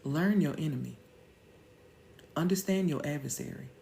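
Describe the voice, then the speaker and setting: A woman's voice: sits low, normal speed, creaky, warm tone, slight background noise. A woman in her thirties hosting a live-stream motivational talk, emphatic and slangy, firing off rhetorical questions.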